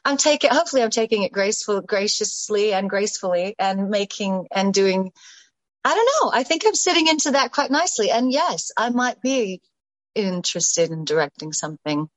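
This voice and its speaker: A woman's voice: mid-range voice, lively intonation, normal speed, dry recording, rough recording. A stage actress as an interview guest, chatting effusively and often restarting her phrases. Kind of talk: casual interview chat.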